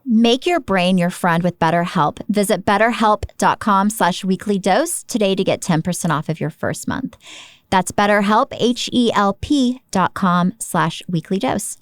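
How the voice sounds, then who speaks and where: A woman in her forties co-hosting a podcast, telling stories in an animated way and laughing often. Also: mid-range voice, measured pace, no room sound. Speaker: podcast co-host. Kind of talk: casual podcast chat.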